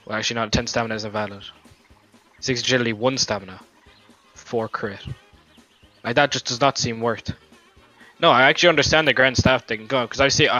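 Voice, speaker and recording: A man's voice: medium pitch, steady tone, a little fast, pauses often, bright, forceful tone. A young man arguing in a gaming voice chat, swearing, rambling and defending his logic. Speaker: gamer in voice chat. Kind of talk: heated voice chat argument. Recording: lo-fi voice chat mic with faint music.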